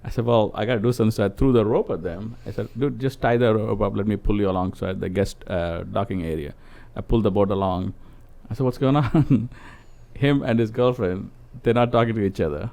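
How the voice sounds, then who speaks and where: A man, telling a story in a relaxed, chuckling way in casual podcast chat. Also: on the low side, brisk, creaky, hardly any pauses.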